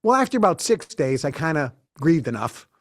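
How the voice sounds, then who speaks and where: Slightly high and sing-song, this man's voice moves fairly quickly, with no echo. He's in his sixties, a studio interview guest who tells long stories and acts out quoted dialogue.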